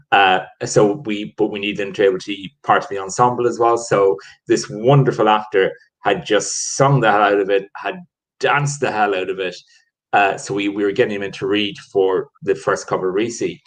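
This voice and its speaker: A man with a low voice, raised in Ireland, talks through his producing career over a video call. He wanders through anecdotes with frequent fillers and self-corrections, relaxed and chatty. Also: low-quality recording. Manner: rambling, many restarts and fillers. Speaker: theatre producer, guest. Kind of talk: casual storytelling chat.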